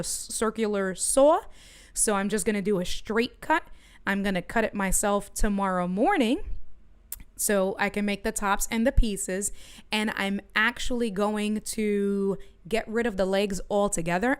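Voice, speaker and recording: A woman's voice: medium pitch, smooth. Chatty woman streamer telling a story. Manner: animated storytelling, talks to chat. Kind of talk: casual livestream chat. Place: home studio.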